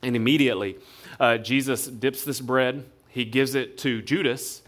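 A male pastor, preaching a sermon in a relaxed, conversational storytelling way. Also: mid-range voice, normal speed. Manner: conversational storytelling, acts out quotes.

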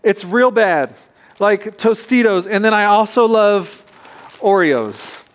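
A man's voice: high voice, expressive, takes it slowly. A man in his thirties preaching a sermon, casual and playful, with joking asides to the congregation. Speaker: pastor.

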